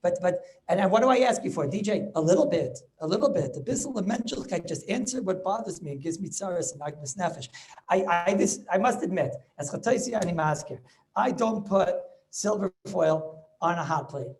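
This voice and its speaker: A man's voice: sits high, fairly quick. Rabbi guy teaching on zoom, keeps repeating himself and firing questions. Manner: animated, repeats words, rhetorical questions. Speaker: rabbi teaching a Talmud class. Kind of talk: lively Torah class over video call. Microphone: video call.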